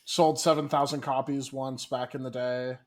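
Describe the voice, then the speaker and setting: Man, podcast co-host, dry joking, mid-pitched voice, remote call. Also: little pitch movement, moderate pace. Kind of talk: casual chat. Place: studio apartment. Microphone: recorded remotely over a call.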